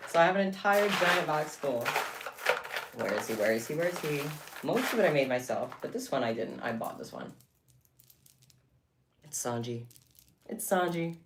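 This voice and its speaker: A woman chatting casually and excitably to her viewers while livestreaming her craft work. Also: sits low, fairly quick, roomy sound, noisy background. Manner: chatty and excitable, talking to chat. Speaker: livestreamer making bead bracelets.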